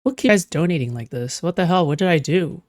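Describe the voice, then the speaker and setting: A woman's voice: sits low, animated, fast talker, darkish tone, no echo, clean studio sound. A woman streaming casual reaction commentary, blunt and swearing freely, laughing often.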